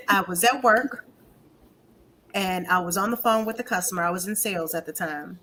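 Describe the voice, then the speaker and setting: A woman with a bright, forceful voice gives emphatic personal testimony. She repeats key phrases to drive them home. There is a faint noise floor. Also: lowish voice, moderate pace. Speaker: guest panelist. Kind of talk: personal testimony in a panel discussion.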